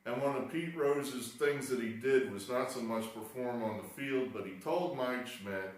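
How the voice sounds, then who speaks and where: A man's voice: medium pitch, a little slow, few pauses. Rambling man in a very echoey room. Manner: rambling, exasperated, wry asides. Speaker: sports betting video host. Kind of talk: rambling casual monologue. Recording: very echoey room, mic far off.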